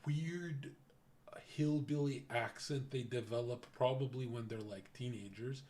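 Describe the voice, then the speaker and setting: A man's voice: mid-range voice, unhurried, darkish tone. A man with a lisp, a streamer talking in a blunt, profane and rambling way as casual reaction commentary.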